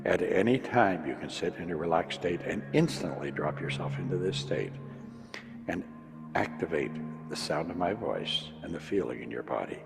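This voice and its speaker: Hypnotist: deep man with a gravelly edge, slow repetitive instructions, reverberant recording with music. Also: sing-song. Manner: slow, soothing, repetitive commands. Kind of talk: guided hypnosis visualization.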